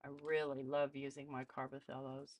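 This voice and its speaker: A woman's voice: a bass voice, little pitch movement, normal speed, a little mellow. A woman hosting a casual live art demonstration, chatting as she tests supplies and greets viewers. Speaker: art channel host.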